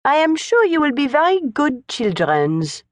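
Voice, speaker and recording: Woman putting on a shrill French governess. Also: very animated, no echo. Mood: polite. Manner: formal, halting English. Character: prim French governess, woman, middle-aged.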